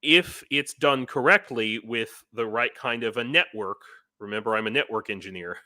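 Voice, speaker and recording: American volunteer guest, bright tense tone, loose chatty delivery with chuckles. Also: male voice, medium pitch, normal speed. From United States. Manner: rambling, chuckling between points. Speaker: guest, foreign volunteer in Ukraine. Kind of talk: casual live-stream conversation.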